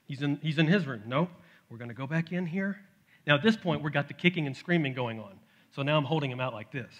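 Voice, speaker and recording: Brief: middle-aged male pastor, higher-pitched and bright voice, animated storyteller in a church sermon. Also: fast talker, highs cut off. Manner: animated storytelling, acts out his toddler's shouts. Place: church sanctuary.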